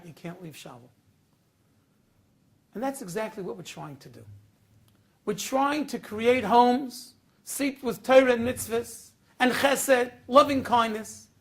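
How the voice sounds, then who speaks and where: A man with a very high, gravelly voice tells a sermon story with a lilt. He goes from a near hush to loud, emotional peaks as he acts out the scenes. He speaks as a rabbi drawing a lesson for his listeners. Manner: dramatic storyteller, swings from hushed to loud.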